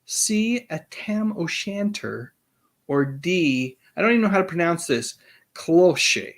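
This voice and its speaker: A man hosting a live-stream trivia quiz, chatty and reading out the answer choices slowly. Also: high voice, lively intonation. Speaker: host.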